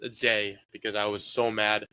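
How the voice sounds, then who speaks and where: A man's voice: fairly low pitch, level tone, normal speed, pushed and bright, clear, resonant tone. A young man being interviewed about his sports years, talking in an easygoing, rambling way with lots of fillers. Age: young adult. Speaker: guest, college soccer player. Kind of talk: casual interview talk.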